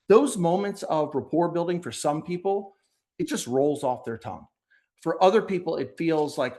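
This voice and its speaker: A man being interviewed on a podcast, speaking directly and energetically, often acting out quick bits of sales dialogue. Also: a little high, expressive, darkish tone. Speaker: podcast guest, sales leader. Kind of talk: conversational interview.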